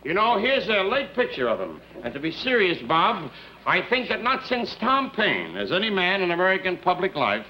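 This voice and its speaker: A man's voice: a little high, a little hiss or hum. A man hosting a comedy sketch, speaking in a mock-formal, pompous speechmaking manner. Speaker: comedy sketch host and singer. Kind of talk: 1950s television comedy sketch. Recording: dull old broadcast recording with music.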